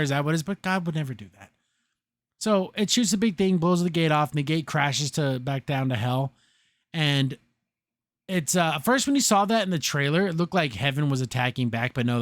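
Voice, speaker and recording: A man hosts a podcast and rambles through an episode recap with a sarcastic edge. His voice sits a bit high, and he talks in loose, restarting sentences. The recording is close and dry. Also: no room sound. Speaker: podcast host reviewing a show.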